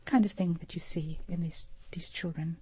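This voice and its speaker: A woman's voice: fairly low pitch, fairly even intonation, moderate pace, mellow, husky, no room sound. A middle-aged woman from Africa, a social worker explaining earnestly as a radio interview guest. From South Africa. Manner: earnest, explanatory, gives anecdotes.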